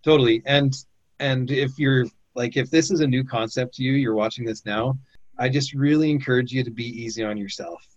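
A man's voice: mid-range voice, fairly even intonation, a little fast, no room sound, muffled recording. A man hosting a conversation who gives encouraging coaching advice, often repeating words as he talks. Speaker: host. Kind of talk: casual chat, coaching advice.

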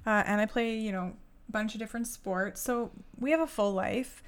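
A woman's voice: mid-range voice, normal speed. A woman co-hosting a podcast in casual chat, rambling and laughing often. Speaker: podcast co-host. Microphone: studio podcast mic.

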